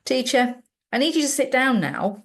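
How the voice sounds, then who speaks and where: A woman voicing a cocky fourteen-year-old boy with quick, mock-wise comebacks. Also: sits high, big pitch swings, pitched above the performer's own voice.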